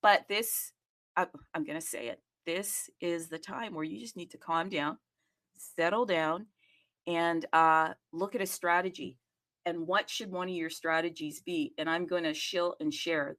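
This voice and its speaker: A woman hosting a live audio chat room, talking excitedly and casually, often addressing listeners as "people" and checking in with "okay?". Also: low-pitched, normal speed. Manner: animated, chatty, keeps asking "okay?" and addressing "people".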